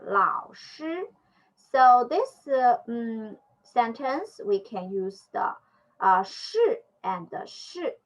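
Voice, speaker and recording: Slow, hesitant woman teaching a language lesson. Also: mid-range voice, fairly bright tone. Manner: hesitant, many fillers, patient explaining. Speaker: Chinese teacher. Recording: muffled lo-fi audio.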